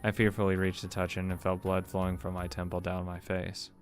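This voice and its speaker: A man with a low voice reads a visual novel aloud in an even, level tone. He trips over words, restarts them, and drops casual, profane asides between lines. Soft music plays behind him. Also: brisk. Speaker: let's play narrator.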